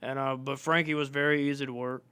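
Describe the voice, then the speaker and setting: A man co-hosting a casual podcast, speaking in a measured, easygoing way with frequent filler pauses. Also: mid-range voice, little pitch movement, sharp tone, clear, resonant tone. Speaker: podcast co-host and indie wrestler. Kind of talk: casual chat.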